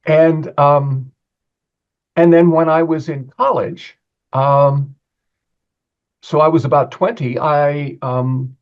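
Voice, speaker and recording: A man's voice: fairly high pitch, steady tone. Reflective man on a dull remote line. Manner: reflective, measured storytelling. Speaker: guest, author. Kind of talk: interview.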